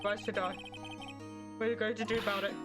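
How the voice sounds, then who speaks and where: A woman's voice: medium pitch, flat delivery, fast, lightly acted. A woman voicing a cold, haughty male prosecutor, curt and dismissive, while reading game dialogue. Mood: scornful. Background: game music.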